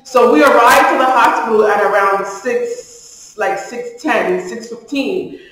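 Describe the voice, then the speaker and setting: A woman's voice: fairly high pitch, unhurried, a bit bright. A woman in her thirties tells a story straight to the camera in a loose, chatty way, acting out the dialogue as she goes. She sits back from the mic, and the room around her rings with a long echo. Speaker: vlogger. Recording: echoey room from a distance.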